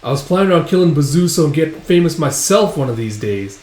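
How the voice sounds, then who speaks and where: A man's voice: a little high, expressive, a little fast, darkish tone, voice pushed up, close to an everyday voice. A man voicing a boastful, hotheaded young male mercenary in a raised, brash voice. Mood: cocky. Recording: roomy echo.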